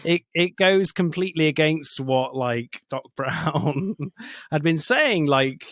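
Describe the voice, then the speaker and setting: A man's voice: on the high side, expressive, takes it slowly, a bit bright, dry recording, studio quality. A man co-hosting a podcast, bluntly giving opinions about films and swearing casually. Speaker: podcast co-host. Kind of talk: casual film discussion.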